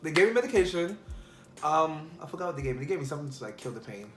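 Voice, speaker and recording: Guy telling a story time to his phone, lots of "like", bit high voice, echoey. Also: big pitch swings, racing, faint music behind. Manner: rambling, filler-heavy, restarts. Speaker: vlogger. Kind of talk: casual storytelling to camera. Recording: echoey room.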